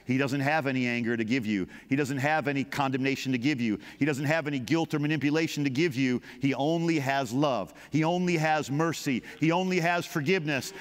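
A man's voice: mid-range voice, long reverb tail. A man preaching a sermon as pastor, building repeated phrases with passion. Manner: impassioned, repetitive preaching cadence.

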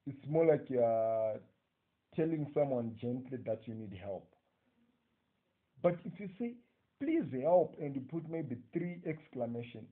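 A man with a Zimbabwean accent gives an English lesson on punctuation, dictating slowly and often checking with "okay?". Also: medium pitch. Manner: slow, dictating phrases, frequent "okay?" checks. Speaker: English teacher. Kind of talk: recorded exam-prep lecture. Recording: tinny phone-like audio.

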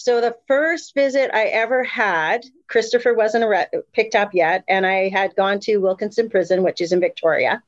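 A middle-aged woman telling her story as an interview guest, candid and animated, with many fillers and restarts. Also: fairly low pitch, no echo, muffled recording. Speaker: guest, mother of incarcerated sons. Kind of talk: emotional personal storytelling.

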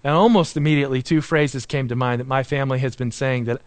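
A man preaching a sermon as pastor, earnest and warm-humored, slowing down and dropping low to stress key points. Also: steady tone, no echo. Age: adult, married with young children. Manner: earnest, slows and drops low for emphasis; self-deprecating humor.

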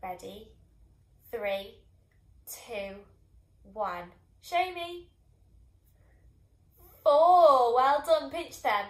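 A woman teaching young children phonics, sounding out each sound slowly and clearly and encouraging them. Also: on the high side, expressive, reverberant. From England. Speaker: primary school teacher.

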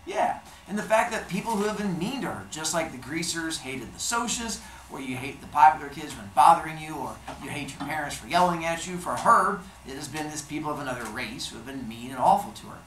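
A man reads a novel aloud to his class, acting out the dialogue with a lively, animated pitch. His voice carries around a roomy classroom, with a faint hum of ambience behind it. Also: brisk, few pauses. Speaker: teacher. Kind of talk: reading a novel aloud to a class, then discussion.

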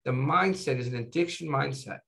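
Here a man speaks a little fast in a mid-range voice with vocal fry. Guesting as a physician in a laid-back interview, he tells energetic stories and keeps adding "you know" and "right?"

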